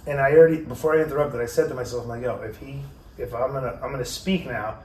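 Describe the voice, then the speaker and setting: A man's voice: mid-range voice, quick pace. Profane New man telling a story. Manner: profane, animated storyteller who acts out quotes. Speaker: podcast host. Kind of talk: casual storytelling. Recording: roomy, distant mic with faint noise.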